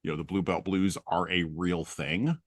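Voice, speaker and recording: Very deep-voiced man telling stories. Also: fairly even intonation, moderate pace, no echo. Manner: humorous storytelling. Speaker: podcast host. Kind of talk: casual conversation.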